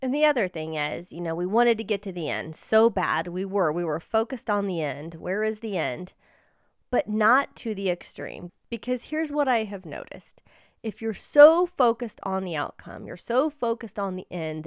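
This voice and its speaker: A woman's voice: mid-range voice, dry recording, studio quality. A woman hosting a personal storytelling podcast, telling a story in an earnest, encouraging way. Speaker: podcast host and life coach.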